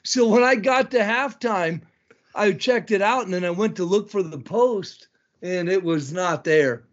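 A man in his fifties from Blackfeet country in Montana, a podcast guest telling stories in an animated, laughing way and swearing freely. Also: high-pitched, measured pace. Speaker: podcast guest, tournament announcer. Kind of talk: casual storytelling chat. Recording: dull lo-fi recording.

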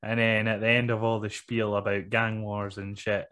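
A man's voice: fairly low pitch, level tone, moderate pace, fairly bright tone. A man hosting a podcast, laid-back and swearing as he runs through segments in casual chat. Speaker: podcast host.

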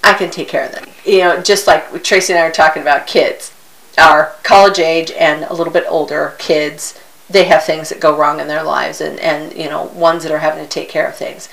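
A woman's voice: low-pitched, fairly even intonation, moderate pace, creaky, a bit bright, low-quality recording. A middle-aged woman co-hosting a casual, upbeat talk show; chatty, laughing easily. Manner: chatty, laughs easily, acts out her own complaints. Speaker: co-host. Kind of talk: casual chat.

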